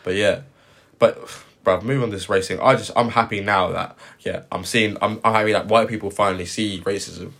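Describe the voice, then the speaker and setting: A man's voice: lowish voice, normal speed. A man co-hosting a podcast, telling stories in casual chat with lots of slang. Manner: animated storytelling with slang. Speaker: podcast co-host.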